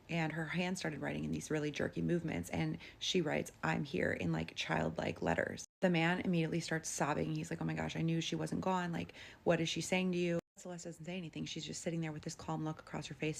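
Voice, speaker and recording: Fast-talking low-voiced woman with vocal fry. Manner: conversational, with frequent filler "like". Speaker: storyteller. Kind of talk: casual retelling of a paranormal story.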